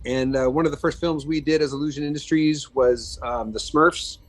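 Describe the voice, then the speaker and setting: A man's voice: on the high side, fairly even intonation, normal speed, poor audio. Chatty man telling career stories. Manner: chatty, many fillers and restarts. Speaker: guest, makeup effects artist. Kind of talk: casual interview storytelling.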